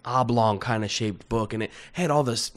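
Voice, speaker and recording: A man with a mid-pitched voice sits in as a podcast guest, chatting casually. He tells anecdotes in a relaxed, easygoing way, often laughing through them. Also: moderate pace. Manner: relaxed storyteller, laughs while telling anecdotes. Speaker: podcast guest, aspiring comedian. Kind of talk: casual chat.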